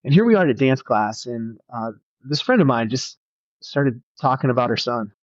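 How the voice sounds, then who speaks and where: A man's voice: medium pitch, animated, moderate pace, no echo. A man who is a pastor, earnestly telling a personal story as a podcast guest, often restarting his sentences. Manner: earnest, reflective, many restarts. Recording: dull, slightly lo-fi, dry sound.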